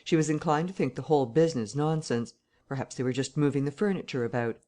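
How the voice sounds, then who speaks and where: A man reading a classic novel aloud as audiobook narration, measured and steady. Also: medium pitch.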